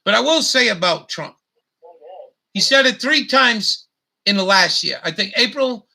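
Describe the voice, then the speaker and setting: A man hosting his own YouTube show, delivering an angry, profane rant with halting restarts and stumbles. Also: high voice, gravelly, bright, forceful tone. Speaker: YouTube host. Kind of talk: profane ranting monologue.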